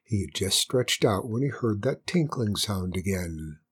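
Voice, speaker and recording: A woman narrating a children's story with gentle, wry asides. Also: very deep voice, expressive, unhurried, slightly rough.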